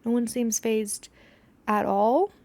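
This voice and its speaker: A woman's voice: a little high, fairly even intonation, slow, a little mellow. A young woman hosting a podcast, telling a story in casual chat, swearing freely and dropping to a whisper when she acts out scenes. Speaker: podcast host.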